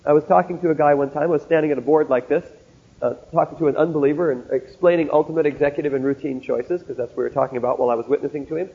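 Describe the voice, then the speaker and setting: A man's voice: fairly high pitch, very fast, husky. A man lecturing students like a sermon, earnest and direct, telling stories with asides at a board in a classroom. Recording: tinny narrow-band old recording.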